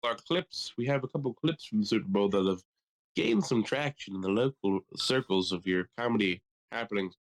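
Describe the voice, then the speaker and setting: A man co-hosting a podcast in casual chat, riffing in a profane, animated way. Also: fairly low pitch, a little fast. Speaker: podcast co-host.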